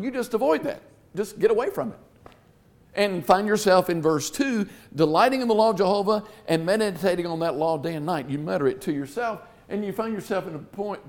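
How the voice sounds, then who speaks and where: Male preacher, high-pitched, earnest teaching delivery that reads verses aloud. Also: darkish tone. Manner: earnest, repeats words, reads scripture aloud. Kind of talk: Bible teaching sermon.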